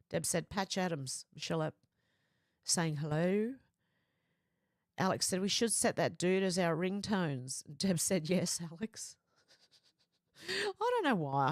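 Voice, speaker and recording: An Australian woman hosting a livestream, chatting casually and reading viewer comments aloud in a lively quoting voice. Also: on the low side, no echo, clean studio sound. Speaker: livestream host.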